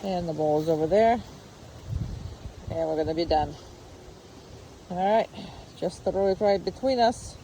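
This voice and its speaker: A dog trainer running a lesson outdoors, switching between crisp one-word commands and patient explanations. The voice sits at a middling pitch and lifts into sing-song praise. Faint noise hangs behind the talk. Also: dark tone. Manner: brisk short commands mixed with coaching explanations. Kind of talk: live dog training instruction.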